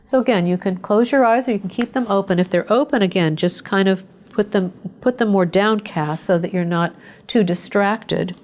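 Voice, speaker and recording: Woman therapist running a webinar, soft easygoing talk, walks you through a mindfulness exercise. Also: mid-range voice, normal speed. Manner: gentle, conversational, guiding. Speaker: psychotherapist leading a survivorship webinar. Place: indoors, remote webinar.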